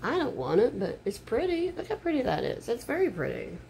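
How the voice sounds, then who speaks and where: An older woman rambles through a shopping haul at home, her voice rising and falling in a lively way. She talks casually, mutters frustrated asides, and a faint hiss of noise runs underneath. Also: on the high side, a little fast, vocal fry. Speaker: haul vlogger. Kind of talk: casual unboxing chat. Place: home room.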